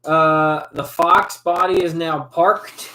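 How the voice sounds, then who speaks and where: A man's voice: fairly high pitch, level tone, takes it slowly, bright, forceful tone. Laid-back young man in an echoey room. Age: 20s. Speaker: host. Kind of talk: casual chat over drinks.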